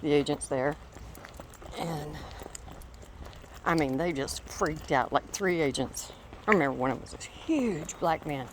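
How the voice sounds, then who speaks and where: A woman's voice: low-pitched, a little slow, pauses often, background noise. A middle-aged woman telling a rambling story on a walk outdoors, breaking off now and then to call her dog. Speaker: vlogger walking her dog.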